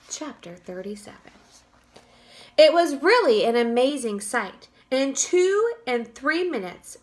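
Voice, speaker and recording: A woman teacher reads a chapter book aloud to her young students, expressive and lively. Her voice sits high and bounces through a wide range, with a bright tone. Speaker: third-grade teacher. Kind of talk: read-aloud for children.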